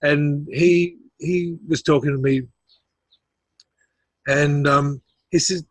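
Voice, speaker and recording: Man, middle-aged, interview guest, animated storyteller, slightly high pitch, dry close sound. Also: takes it slowly, no room sound. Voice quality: animated storyteller who acts out voices and laughs often.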